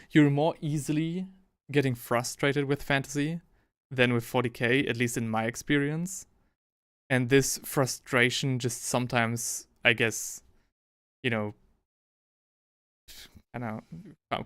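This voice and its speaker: A man's voice: mid-range voice, fairly bright tone, clean tone. A man hosting a casual live stream while painting miniatures, rambling and correcting himself as he reads the chat aloud. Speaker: livestream host painting miniatures. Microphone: headphones with desk mic.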